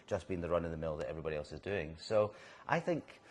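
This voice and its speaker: A middle-aged man with a Scottish accent talks freely in an interview, his very low voice rolling from one anecdote to the next. He restarts phrases, tumbles into asides and keeps the chat loose and lively. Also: fast talker. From Scotland. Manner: animated storyteller, restarts and laughs mid-sentence. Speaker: actor guest. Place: whisky bar in a city centre.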